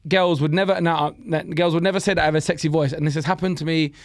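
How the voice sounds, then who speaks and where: High-voiced East London comedian. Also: male voice, fairly even intonation, dry recording, studio quality. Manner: fast, jokey storytelling. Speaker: podcast host and stand-up comedian. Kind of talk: casual chat.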